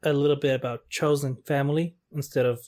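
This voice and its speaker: Easygoing male podcast guest, mid-pitched, quick to laugh. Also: fairly even intonation, darkish tone. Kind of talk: casual podcast chat.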